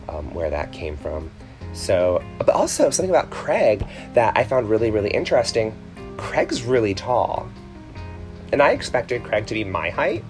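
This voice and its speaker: Guy podcasting, kinda low voice, rambly with lots of ums, soft guitar behind. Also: sing-song, a little slow. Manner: chatty, rambling, with many ums and self-corrections. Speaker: podcast host. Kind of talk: casual chat.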